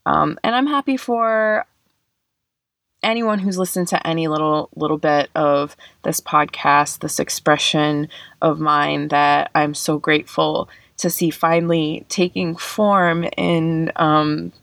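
A woman's voice: sits low, fairly even intonation, a little slow, gravelly, fairly bright tone, no room sound. A young woman hosting a reflective solo podcast, speaking earnestly and emotionally, tearing up, with many fillers. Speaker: podcast host.

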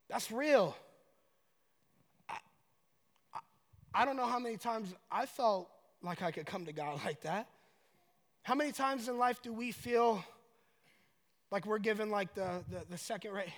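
A man from Colorado preaching a sermon, conversational and joking, building to loud emotional paraphrases. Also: sits high, animated, unhurried, pauses often, long reverb tail. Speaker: pastor.

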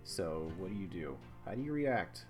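A man narrating as game master of a tabletop game, in a relaxed, loose way full of fillers. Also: sits low, moderate pace. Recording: music playing behind.

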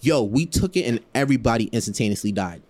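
A man with a mid-range voice tells a story at a quick clip in a casual podcast chat. His talk is loose and heavy on slang and fillers, and he's animated, laughing often and acting out the voices of the people he quotes.

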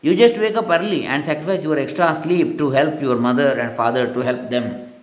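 A man's voice: on the high side, fairly quick. A man earnestly reading a spiritual lesson aloud, moralizing and telling a parable, recorded in an echoey room. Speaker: spiritual teacher.

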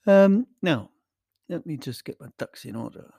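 A man's voice: a little high, animated, normal speed, creaky, warm tone, slightly rough, no room sound, studio quality. A man hosting a podcast, chatting casually through a rambling, hesitant, self-mocking intro. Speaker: podcast host.

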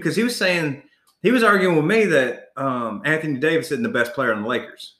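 A man's voice: on the high side, fairly quick, fairly bright tone, roomy sound. A man co-hosting a casual sports chat, ranting in a heated, profane way.

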